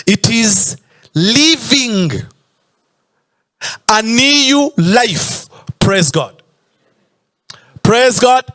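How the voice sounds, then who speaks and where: A man's voice: high voice, a bit bright. A man preaching a sermon in church, stretching out emphatic phrases and sometimes breaking into a sung tone. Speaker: pastor.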